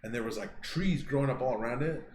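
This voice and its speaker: A man's voice: mid-range voice, fast, a little hiss or hum. Swearing, rambling man in a roomy room. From Southern California. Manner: profane, rambling, laughs through his stories. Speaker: podcast co-host. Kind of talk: casual storytelling chat.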